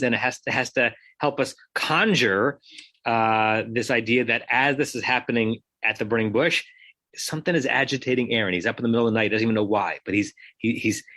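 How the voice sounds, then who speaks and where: A man's voice: medium pitch, fairly bright tone, no room sound. A man, a rabbi, leading an online study class, explaining thoughtfully with fillers and restarts. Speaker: rabbi teaching a text class. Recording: dry video call audio.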